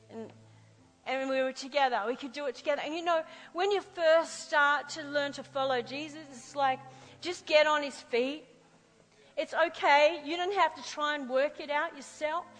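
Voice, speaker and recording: High-voiced woman preaching in a hall. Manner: lively storytelling, acting out quoted voices. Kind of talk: sermon with personal stories.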